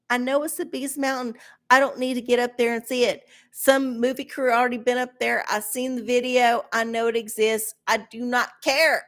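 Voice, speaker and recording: A woman's voice: a little high, steady tone, normal speed, creaky. A middle-aged woman hosting a livestream, ranting bluntly and sarcastically with a lot of swearing. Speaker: livestream host. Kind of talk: profane ranting chat.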